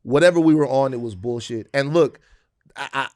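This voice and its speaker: A man co-hosting a podcast, talking politics in a casual, profane, animated way and acting out quotes. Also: mid-range voice, brisk, no echo, studio quality. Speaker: podcast co-host.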